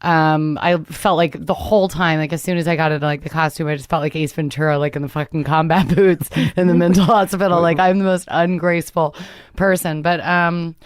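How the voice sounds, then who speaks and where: Woman in her 30s, interview guest, deadpan and playful, lowish voice, dry mic. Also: a little fast, smooth, no room sound. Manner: playful, deadpan jokes, laughs often. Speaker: guest actor. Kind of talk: casual interview chat.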